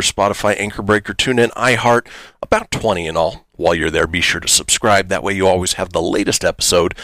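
Lively, low-voiced male radio host. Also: no room sound. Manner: laughs often, many "uh" fillers. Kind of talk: casual radio chat.

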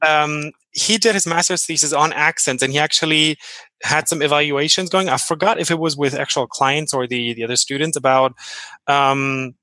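A podcast co-host whose first language is German, talking English with a German accent. His voice sits a little high and sounds bright and crisp, with a dry, close sound. He rambles thoughtfully, restarting his sentences. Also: steady tone, normal speed, no echo. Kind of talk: casual panel chat.

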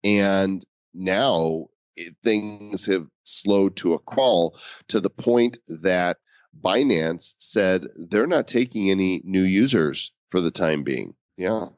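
A man co-hosting a casual podcast, talking in a relaxed, rambling way with plenty of fillers. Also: low-pitched, slow pace, no room sound, lo-fi sound. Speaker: podcast co-host.

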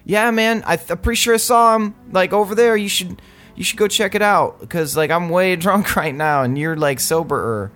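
A man's voice: sits high, moderate pace, fairly bright tone, pitched above the performer's own voice. A man voicing a drunk, laid-back male half-elf who drawls and says "man" and "dude" a lot. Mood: scheming.

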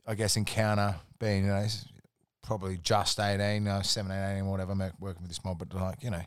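An Australian man with a fairly low voice tells rambling work stories as a podcast guest. His talk is relaxed and full of swearing. The sound is dry and close, with no room to it. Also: fast talker, clear, resonant tone, no echo. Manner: laid-back, sweary, rambling anecdotes. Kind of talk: casual storytelling chat.

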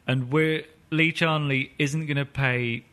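A man's voice: a little high, steady tone, slow, bright, forceful tone. A man, co-hosting a casual football podcast, blunt and matter-of-fact. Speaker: podcast co-host.

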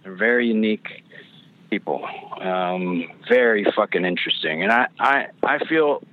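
A man's voice: fairly low pitch, lively intonation, moderate pace, slight background noise. A male actor telling loose, rambling stories in a casual interview, full of restarts and the odd swear word. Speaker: actor guest. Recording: phone-line quality audio.

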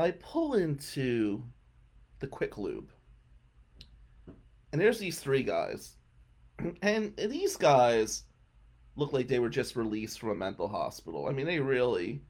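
A male radio show host spinning a long, rambling comic story in a casual way. His pitch swings in a lively, animated way, and he keeps clearing his throat.

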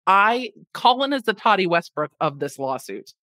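A woman's voice: mid-range voice, big pitch swings, moderate pace, hardly any pauses, a bit bright, no room sound. A woman hosting a podcast, chatting casually and wryly about a food lawsuit. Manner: chatty, wry, sarcastic asides. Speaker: podcast host.

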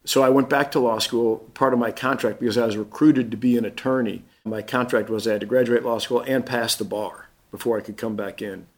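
A man in his fifties recounts his past as a guest in an interview. He talks casually and animatedly, and he slips into the voices of the people he quotes. His voice sits at an ordinary male pitch. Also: fairly even intonation, fairly quick, few pauses. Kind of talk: casual storytelling.

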